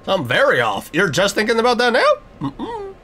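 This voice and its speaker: A young man talks his way through a horror game. His commentary is jokey and nervous. His voice sits on the high side for a man and swings widely in pitch. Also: huge pitch swings, fast, pushed and bright, a little hiss or hum. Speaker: gaming YouTuber.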